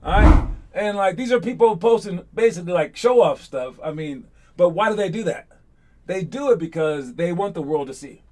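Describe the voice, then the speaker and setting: A man coaching basketball students, talking in a chatty, energetic and motivational way and checking in with "all right?". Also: sits high, moderate pace, a little hiss or hum. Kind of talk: casual motivational talk to students.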